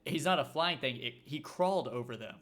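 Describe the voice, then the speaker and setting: A man co-hosting a podcast, explaining movie details in a relaxed, matter-of-fact way during a casual chat. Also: mid-range voice, a little fast. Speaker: podcast co-host.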